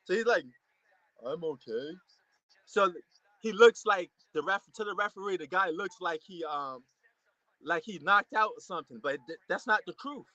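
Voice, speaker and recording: A man giving a casual, excitable reaction commentary to a boxing match, repeating himself and using slang. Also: sits high, moderate pace, no echo, highs cut off. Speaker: fight reaction host.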